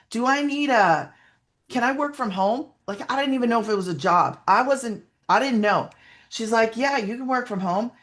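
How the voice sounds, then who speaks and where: A woman tells her own story as a guest on a webinar, speaking over a video call. She rambles and restarts, and her heartfelt talk at times comes close to tears. Her voice sits at a middle pitch. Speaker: webinar guest sharing a testimonial. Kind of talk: emotional personal testimonial.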